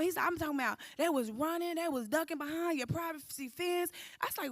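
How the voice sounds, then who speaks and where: A woman, giving an animated personal testimony at a church recovery service and acting out the voices in her story. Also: high-pitched, fairly quick, hardly any pauses, no room sound, clean studio sound. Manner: animated storytelling, acting out quotes, addressing the room as y'all.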